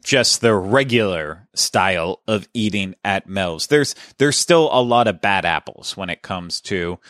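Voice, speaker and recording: A man with a fairly low voice hosts a podcast in a loose, chatty manner, often restarting his sentences. The sound is dry and close, with no room around it. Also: lively intonation, measured pace, a bit bright, dry recording. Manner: conversational, self-correcting, chatty. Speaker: podcast host. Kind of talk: casual podcast chat.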